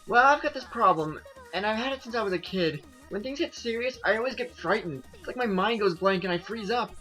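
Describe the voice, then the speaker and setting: A man's voice: high voice, lively intonation, a little fast, pushed and bright, faint music behind, pitched above the performer's own voice, low-quality recording. A man voicing a bubbly, nervous teenage girl from a game, reading her lines aloud in a chirpy, breathless way.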